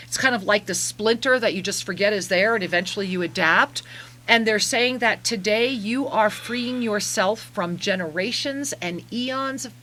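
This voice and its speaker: A woman hosting a call-in radio show, giving effusive, emotional soul readings that slow into soft guided meditation. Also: medium pitch. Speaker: radio show host and spiritual reader.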